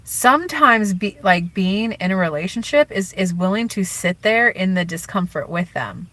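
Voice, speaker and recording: A woman's voice: medium pitch, expressive, normal speed, bright, forceful tone, dry recording, low-quality recording. A woman giving relationship advice on a live stream in a casual, chatty way, full of "like" and "you know", and acting out quoted speech. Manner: acts out quoted speech in changed voices. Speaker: relationship and spiritual coach.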